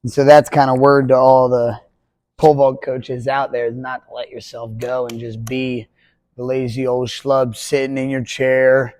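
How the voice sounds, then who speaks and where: A man's voice: mid-range voice, level tone, moderate pace, darkish tone, no room sound. Casual young male pole vault coach. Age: 20s. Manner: rambling, conversational, jokey. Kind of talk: casual podcast talk.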